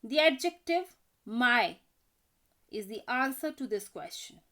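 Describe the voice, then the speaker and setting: A woman teaching an English grammar lesson, reading out example sentences in a careful, deliberate way. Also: on the high side, animated, fairly bright tone. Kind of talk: slow scripted grammar lesson.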